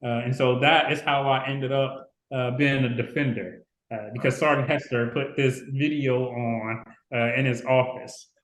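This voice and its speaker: A man's voice: medium pitch, steady tone, moderate pace, few pauses, a bit bright, slight background noise. A man in his forties from Chicago, telling stories as a podcast guest and acting out the people he quotes. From Chicago, USA. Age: 40s. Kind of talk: casual storytelling interview. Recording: roomy echo.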